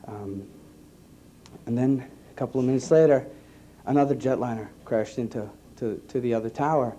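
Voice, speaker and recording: A man, an EMT giving an earnest personal testimony to an audience, halting and repeating his words. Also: mid-range voice, warm tone. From New York. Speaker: EMT speaking to a conference.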